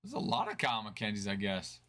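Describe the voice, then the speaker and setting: A man's voice: lowish voice, big pitch swings, fairly quick, a bit bright. A man hosting a card break stream, chatting casually and answering viewers' chat.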